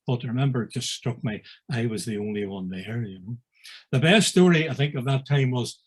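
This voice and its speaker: A man's voice: medium pitch, husky. A man in his sixties with a Belfast accent, telling wry stories from his past as an interviewee. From East Belfast, Northern Ireland. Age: 60s. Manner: wry storyteller, acts out old conversations. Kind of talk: anecdotal storytelling.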